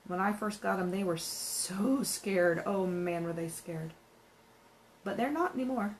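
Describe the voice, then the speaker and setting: A woman's voice: medium pitch, unhurried, slight background noise, low-quality recording. A woman narrating her painting in a casual craft vlog, thinking aloud and musing as she works. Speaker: craft vlogger.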